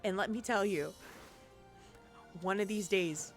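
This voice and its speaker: A woman's voice: mid-range voice, measured pace. A woman streamer chatting casually and exclaiming often as she plays an online game, with faint game music behind. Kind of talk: casual gameplay commentary.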